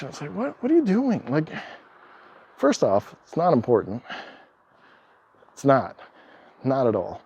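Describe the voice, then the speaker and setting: A man in a casual vlog monologue, talking in an animated, exasperated way, acting out quoted exchanges and laughing often. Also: medium pitch. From Canada. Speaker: travel vlogger.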